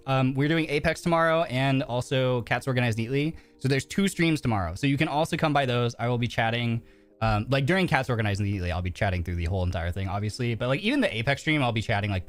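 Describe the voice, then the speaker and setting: A man streaming live, rambling through heavy fillers, nervous, earnest and openly emotional. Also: medium pitch. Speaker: virtual streamer. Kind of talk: casual live-stream chat. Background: faint background music.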